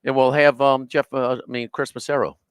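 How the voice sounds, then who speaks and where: A man's voice: mid-range voice, little pitch movement, a little fast, clear, resonant tone, dry recording. A man co-hosting a live sports radio show, chatting casually and rambling with lots of fillers and restarts. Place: restaurant, live remote broadcast.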